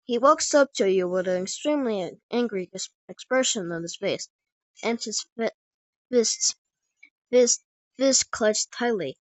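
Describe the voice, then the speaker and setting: A woman's voice: on the high side, normal speed, no echo. A woman improvising a fan story as narrator, stumbling and restarting often. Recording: dull dry lo-fi recording.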